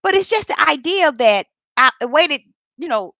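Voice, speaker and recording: A woman's voice: high-pitched, sing-song, measured pace, bright, forceful tone, no echo. An older woman telling a heartfelt spiritual testimony, repeating herself and speaking straight to her viewers. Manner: repetitive, heartfelt storytelling that addresses viewers directly. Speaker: vlogger sharing a personal faith testimony.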